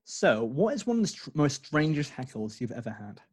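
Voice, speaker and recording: A man's voice: fairly high pitch, big pitch swings, brisk, darkish tone, slightly rough. A man hosting a casual interview with a comedian, rambling with many fillers and restarts. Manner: rambling, lots of fillers and restarts, laughs often. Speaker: podcast host interviewing a comedian. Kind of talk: casual chat.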